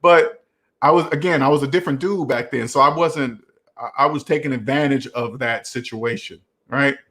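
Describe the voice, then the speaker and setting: A man's voice: mid-range voice, moderate pace, fairly bright tone. A man in his forties hosting a casual live Q&A, telling rambling stories that he keeps punctuating with "right?" and the odd chuckle. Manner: rambling, repeats "right?" often. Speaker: host.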